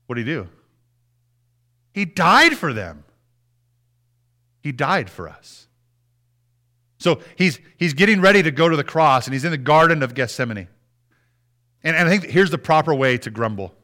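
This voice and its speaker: A man's voice: fairly high pitch, pushed and bright. A man preaching a sermon in a conversational way, often restarting words and acting out prayers. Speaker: pastor.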